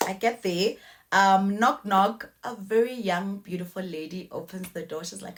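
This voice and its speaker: A young woman telling a personal story in a casual, animated way. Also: medium pitch, moderate pace. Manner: animated, acts out voices.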